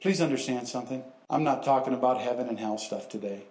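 A man's voice: medium pitch, fast, a little mellow. A man preaching a sermon to a church congregation, quoting scripture in acted voices. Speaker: guest preacher. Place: church sanctuary. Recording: echoey church hall.

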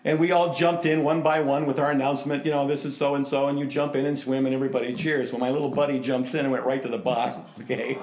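A middle-aged man preaching a sermon, telling stories and swinging between loud animated bursts and hushed, earnest passages. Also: medium pitch, fast, hardly any pauses. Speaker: pastor. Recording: roomy, echoey hall.

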